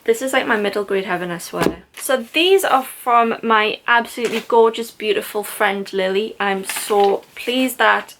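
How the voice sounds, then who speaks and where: A woman's voice: medium pitch, normal speed, few pauses, noisy background. A young woman in a casual book haul vlog, talking in a gushing, enthusiastic way about gifts from friends. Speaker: book vlogger.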